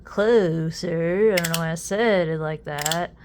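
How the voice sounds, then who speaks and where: A young adult woman chatting casually while unboxing a fidget toy, easily amused and quick to exclaim. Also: low-pitched, fairly even intonation, background noise.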